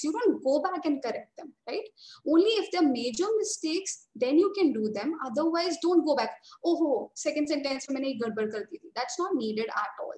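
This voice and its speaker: A woman's voice: sits high, reverberant, rough recording. A woman with an Indian English accent, teaching a test-prep webinar and explaining informally, with fillers and asides to her listeners. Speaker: study abroad test-prep instructor. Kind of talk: online webinar lesson.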